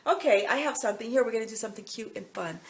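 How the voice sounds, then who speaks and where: A middle-aged American woman with an American accent, talking into a handheld phone out in town. Her voice has a gravelly fry, and she wanders from thought to thought with plenty of ums and likes. A faint hiss of outdoor noise sits behind her. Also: fairly high pitch, rapid-fire. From United States. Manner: chatty, meandering, full of fillers. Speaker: vlogger. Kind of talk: casual rambling chat.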